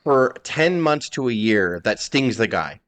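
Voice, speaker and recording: A man's voice: mid-range voice, lively intonation, unhurried, a bit bright. A man hosting a wrestling podcast, recounting events in a heated, profane way. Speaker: podcast host. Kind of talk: casual chat.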